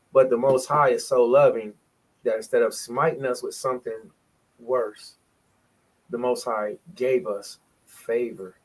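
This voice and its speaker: Guy preaching on a bible study stream, emphatic, goes loud then quiet. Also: medium pitch, measured pace. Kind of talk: livestream bible study teaching.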